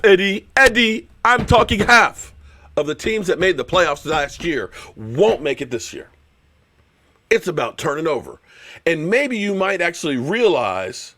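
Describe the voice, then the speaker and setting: A man's voice: a little high, fairly bright tone. A man hosting a live stream, ranting about football in a fired-up, sarcastic way and repeating words for emphasis. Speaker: show host and former pro football player. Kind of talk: heated live-stream sports rant.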